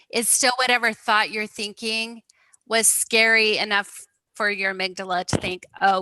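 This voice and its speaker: A woman guest calmly explaining how fear works. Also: medium pitch, dry recording, poor audio. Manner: calm, explanatory.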